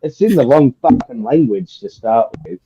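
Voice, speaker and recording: A man's voice: mid-range voice, expressive, moderate pace. A man co-hosting a livestream in casual chat, blunt and swearing a lot. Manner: blunt, profane. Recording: dull lo-fi mic, faint noise.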